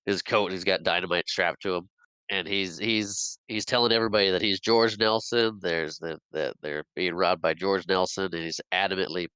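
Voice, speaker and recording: A man's voice: sits low, steady tone, normal speed, pushed and bright, clear, resonant tone, dry recording, rough recording. A man co-hosting a podcast, rambling through a casual film recap and laughing often. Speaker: podcast co-host.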